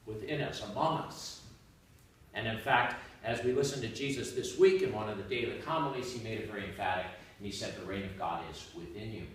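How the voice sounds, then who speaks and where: A man's voice: mid-range voice, slight background noise. Priest guy chatting thru a homily, jokey, voice bouncing round a big echoey room, mic kinda far off. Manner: conversational, joking, with rising emphatic asides. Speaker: Catholic priest. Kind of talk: informal homily. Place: church hall with a gathered congregation.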